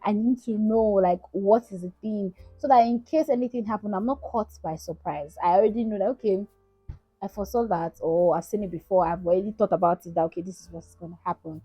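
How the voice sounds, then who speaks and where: Lady in her 30s doing advice vlog, husky voice, dry close sound, keeps saying right?. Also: mid-range voice, brisk, dark tone, no echo, soft background music, poor audio. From Nigeria. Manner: earnest, repetitive, frequently asks "right?". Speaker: content creator. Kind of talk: casual advice talk to camera.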